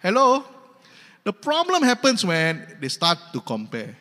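A male pastor with a Malaysian English accent preaches emphatically, repeating his points with humor. His voice sits high, and a long hall reverb follows each phrase. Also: wildly swooping pitch, measured pace, sharp tone. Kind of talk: sermon.

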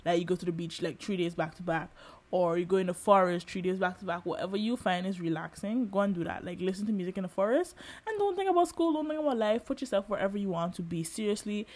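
Young woman, twenties, podcast host, candid personal monologue, animated, lots of fillers. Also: medium pitch, quick pace.

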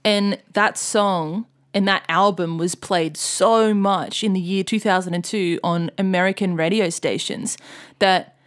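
A woman's voice: medium pitch, fairly even intonation, unhurried. Chatty woman telling a story. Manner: storytelling, loose and swear-heavy, mimics angry fans in loud outbursts. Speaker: podcast co-host. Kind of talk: casual chat.

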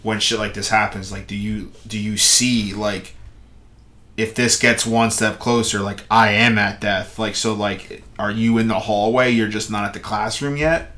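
A young man with a low voice chats casually on a podcast. He asks rambling, hesitant questions, full of slang and fillers. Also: fairly even intonation, a little slow, sharp tone. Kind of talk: casual chat.

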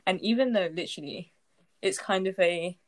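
A young woman in casual chat, relaxed and full of fillers. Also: mid-range voice, moderate pace. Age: young adult.

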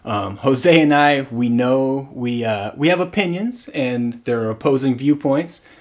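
A young man co-hosting a sports podcast, telling stories in a relaxed, casual chat. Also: mid-range voice, a little slow. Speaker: podcast co-host.

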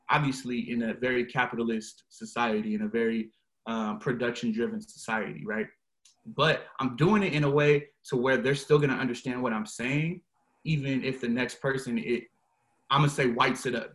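A young man, a guest on a podcast, talking in a relaxed, slangy and emphatic way. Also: medium pitch. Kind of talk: casual conversation.

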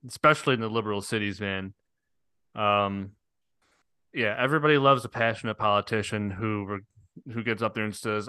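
Man, casual podcast chat, bright tone, dry close sound. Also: fairly low pitch, smooth, dry recording. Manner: laid-back, says dude and man a lot. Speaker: podcast co-host.

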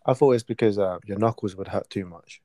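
A man's voice: on the low side, a little fast, mellow, no echo, clean studio sound. A man interviewing a guest in casual chat, asking curious questions with hesitant fillers.

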